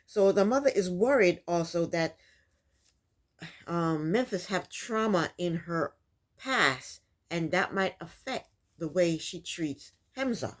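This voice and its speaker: A woman's voice: on the low side, expressive, slow pace, a little hiss or hum. Woman talking through a reality show recap, lots of ums, keeps repeating her take. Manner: opinionated, many ums, repeats points. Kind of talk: casual recap commentary.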